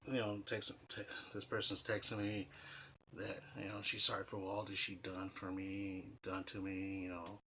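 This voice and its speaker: A man's voice: low voice, flat delivery, moderate pace, bright, forceful tone, a little hiss or hum. A man telling a personal story in a casual, rambling way, full of "you know" fillers and blunt, profane asides. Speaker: vlogger.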